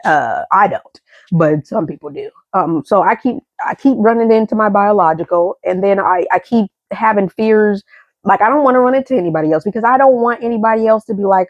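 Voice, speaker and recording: A woman's voice: a little fast, no room sound, lo-fi sound. Rambling, emotional young woman vlogger. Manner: rambling, emotional, repeats and restarts words; swings between high excited and low subdued tones. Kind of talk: candid storytelling monologue.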